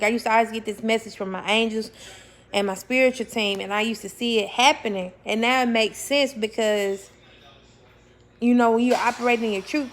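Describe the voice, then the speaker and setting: A young woman with a slightly high voice speaks casually to her viewers about spiritual matters. She is blunt and swears freely. She often repeats words for emphasis, corrects herself mid-sentence and laughs as she talks. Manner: laughs while talking, self-correcting. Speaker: spiritual vlogger. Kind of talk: casual spiritual talk to camera.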